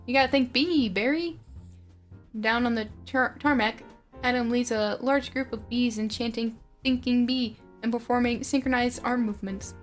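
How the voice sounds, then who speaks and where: A woman's voice: fairly high pitch, fairly even intonation, normal speed, faint music behind. Woman streamer reading a script aloud. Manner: plain narration with small slips.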